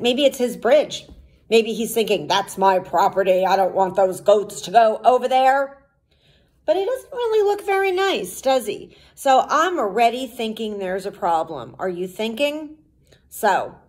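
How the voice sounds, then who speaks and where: A woman teacher reads a storybook aloud to children at an unhurried, slow pace. Her pitch swings widely and she keeps coaxing the listeners with questions. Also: a little mellow.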